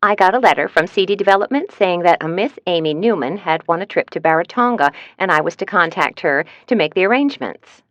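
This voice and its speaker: A woman's voice: fairly low pitch, expressive, fairly quick, few pauses, fairly bright tone, dry recording. A woman voicing a cheery chatty travel agent. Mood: chirpy. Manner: cheery, talkative.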